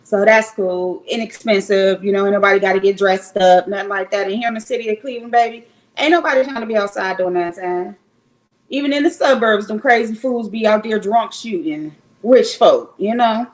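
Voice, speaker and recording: Brief: woman streamer, middle pitch, loose and frank, talking to chat from home. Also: a little fast, low-quality recording. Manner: chatty, rambling, frank, swears. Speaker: livestreamer. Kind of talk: casual chat with live viewers. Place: home in Cleveland. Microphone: streaming setup at home.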